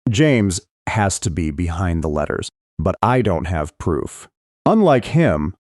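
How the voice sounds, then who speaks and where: A man reading a first-person thriller audiobook with expressive, tense storytelling. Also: deep voice, dry recording, studio quality. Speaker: audiobook narrator.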